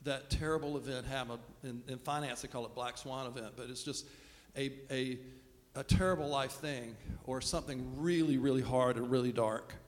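A man's voice: medium pitch, fairly even intonation, normal speed, hardly any pauses. A man preaching a sermon as pastor, talking in a conversational, self-deprecating way. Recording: long reverb of a large hall.

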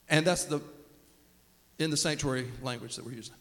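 Pastor in a reverberant sanctuary. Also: male voice, a little high, very animated, a little fast, sharp tone. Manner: casual and humorous, acts out quoted voices. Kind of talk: conversational sermon. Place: church sanctuary.

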